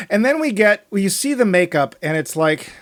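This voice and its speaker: A man's voice: high-pitched, expressive, normal speed, slight background noise. A man co-hosting a movie podcast, talking in a sarcastic, joking way and laughing often. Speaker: podcast co-host. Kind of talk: casual movie review chat.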